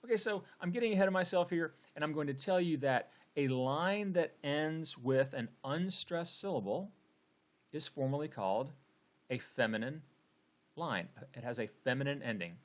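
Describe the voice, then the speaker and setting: A man's voice: fairly high pitch, lively intonation, normal speed. Casual man teaching poetry. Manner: conversational, frequent "okay" and fillers.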